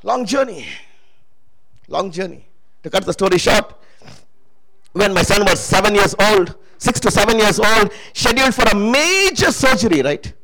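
A man's voice: sits high, animated, moderate pace, pushed and bright, poor audio. A man preaching a sermon testimony, emphatic and calling out to the congregation for responses.

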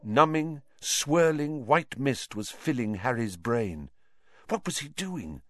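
A man reading a story aloud with expressive narration and voices for the characters. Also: medium pitch, slow pace, dry recording, studio quality. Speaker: audiobook reader.

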